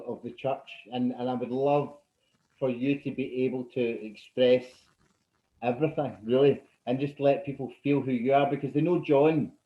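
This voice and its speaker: Scottish male host, casual and chatty, recorded roomy and a bit muffled. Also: medium pitch. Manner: warm-hearted, enthusiastic, laughs often. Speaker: podcast host. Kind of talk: casual interview chat. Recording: roomy, dull-sounding mic.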